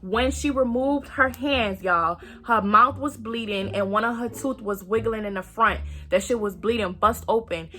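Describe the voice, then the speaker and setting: A young woman with a bright, forceful, fairly high voice tells a story straight to her viewers. She is animated and freely profane, and she slips into the voices of the people in her tale. Faint music plays beneath her. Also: moderate pace, hardly any pauses. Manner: acts out quoted voices. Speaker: storytime vlogger. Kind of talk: casual storytelling to camera.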